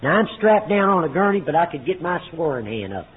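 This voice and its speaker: A man speaking at a recovery meeting, telling his story in a folksy way, booming on punchlines and dropping low for quoted lines. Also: sing-song, fairly quick. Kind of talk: personal testimony to a meeting. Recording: tinny phone-like recording with faint noise.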